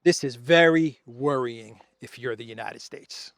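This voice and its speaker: Speaking alone in an outdoor setting surrounded by trees, a Greek-raised male host gives easygoing commentary that's sardonic, drawn-out, and sprinkled with laughing asides. His medium-pitched voice carries vocal fry and a fairly bright tone, recorded at studio quality with no echo.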